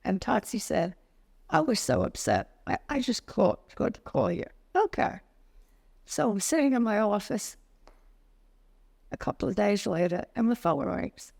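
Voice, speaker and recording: This is an older woman speaking in an interview, and her voice carries a heavy, gravelly fry. She tells her memories as lively anecdotes and acts out the lines of the people in them. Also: mid-range voice, normal speed. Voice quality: creaky. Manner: lively anecdotal storytelling, acts out quoted dialogue. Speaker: interviewee, retired business owner. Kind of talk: storytelling interview.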